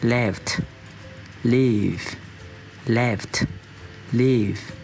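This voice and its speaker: Very slow male teacher drilling words. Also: mid-range voice, steady tone, creaky, a little mellow, soft background music. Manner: slow, deliberate repetition of words. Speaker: English teacher. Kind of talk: vocabulary drill lesson.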